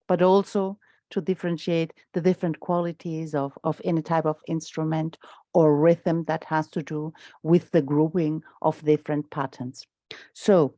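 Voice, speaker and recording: Halting woman lecturer, dry sound. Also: lowish voice, dark tone, no echo. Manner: halting, many restarts and fillers. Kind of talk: academic talk. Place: lecture room.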